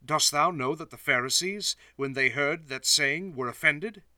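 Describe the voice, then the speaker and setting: A man's voice: a little high, unhurried, pushed and bright, dry recording, clean studio sound, far from the mic. A man voicing a group of worried male disciples who ask plain, questioning things.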